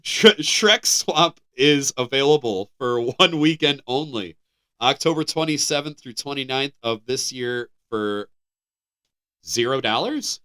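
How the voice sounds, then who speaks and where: Bright, clear American man reading headlines. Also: medium pitch, a little slow. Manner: animated, laughing, stumbling restarts while reading. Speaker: podcast co-host. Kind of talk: casual podcast chat, reading headlines.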